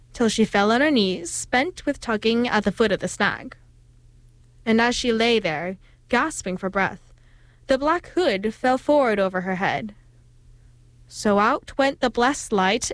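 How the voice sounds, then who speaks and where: A woman reading an old folk tale aloud in a steady, expressive storytelling manner. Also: on the high side, no echo.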